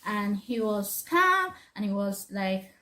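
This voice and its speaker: A woman's voice: mid-range voice, big pitch swings, takes it slowly, pushed and bright. A woman talking earnestly to parents, advising them as a mother, often repeating herself and laughing. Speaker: mother giving parenting advice. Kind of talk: casual advice talk to parents.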